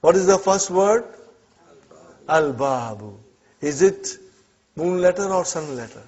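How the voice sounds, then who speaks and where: A man's voice: fairly high pitch, animated, a little slow, a little mellow. A man teaching an Arabic class, quizzing students with short "huh?" prompts and explaining each example. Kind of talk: classroom lesson. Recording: dull lo-fi classroom recording.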